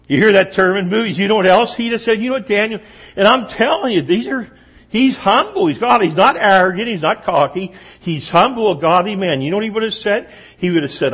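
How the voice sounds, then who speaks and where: A man's voice: sits high, expressive, a little fast, breathy edge. A middle-aged man preaching a sermon to a room, telling stories with animation and quizzing the audience. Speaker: pastor. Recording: dull lo-fi recording.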